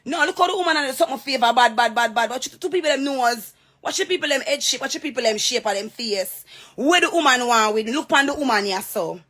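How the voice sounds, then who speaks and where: A woman's voice: high-pitched, lively intonation, quick pace, fairly bright tone. A woman with a Jamaican accent in a direct-to-camera rant, heated, confrontational and repeating herself. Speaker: social media personality.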